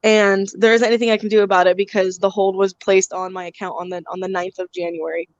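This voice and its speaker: A woman's voice: medium pitch, little pitch movement, fast, dry recording, highs cut off. A woman hosting a casual live-stream chat, venting with a lot of swearing and bursts of laughter. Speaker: channel host.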